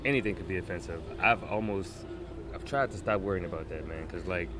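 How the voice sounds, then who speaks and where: A man, a stand-up comedian chatting casually, relaxed and rambling. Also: deep voice, fairly quick. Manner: relaxed, rambling, lots of fillers. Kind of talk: casual chat. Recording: loud traffic noise outdoors.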